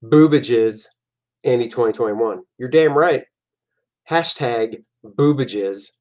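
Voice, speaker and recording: A comic artist and host talks casually through his own artwork, loose, jokey and rambling. His mid-range voice has a darkish tone and he takes his time. The recording sounds dull and lo-fi.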